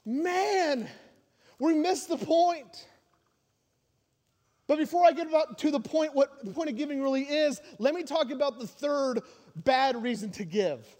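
A male pastor preaching a sermon in a church, animated, joking and emphatic. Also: very high-pitched, unhurried. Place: church sanctuary. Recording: long hall reverb.

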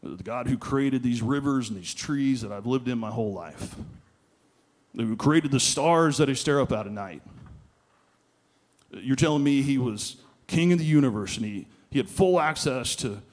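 A man's voice: mid-range voice, animated, moderate pace, a little mellow, close to an everyday voice. A man voicing a big, burly, skeptical mountain man who questions what he hears, in incredulous tones.

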